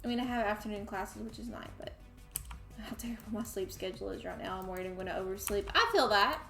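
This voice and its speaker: A woman's voice: mid-range voice, quick pace, creaky, a bit bright. A young woman from Tennessee with a Southern accent, chatting casually while streaming a game and talking to her viewers and the game's characters. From Tennessee, USA. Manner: chatty, talks to the game and chat. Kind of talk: casual gameplay chat. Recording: roomy echo, faint music.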